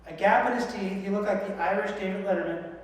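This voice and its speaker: Man preaching, lively and joking, high voice, long hall reverb. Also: quick pace, a crowd in the background. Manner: animated, joking, acts out voices in quotes. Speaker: guest speaker. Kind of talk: sermon. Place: church hall. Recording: echoey hall from far off.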